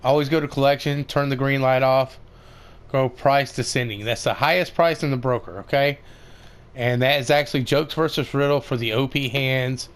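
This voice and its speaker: A man's voice: medium pitch, fairly even intonation, normal speed, clear, resonant tone. A man giving casual, rambling commentary over a game tutorial, with many fillers and restarts. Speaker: gaming video creator.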